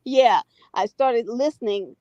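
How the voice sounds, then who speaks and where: A woman's voice: on the high side, takes it slowly, dry recording. American woman retelling a story, dull audio. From United States. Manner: animated retelling, frequent "right?" and "you know" asides. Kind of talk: casual storytelling chat.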